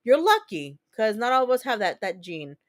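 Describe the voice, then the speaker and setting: Chatty, profane woman in her thirties, slightly high. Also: big pitch swings, moderate pace. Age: 30s. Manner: candid, profane, chatty storyteller. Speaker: livestream host. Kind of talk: casual chat reading viewer comments.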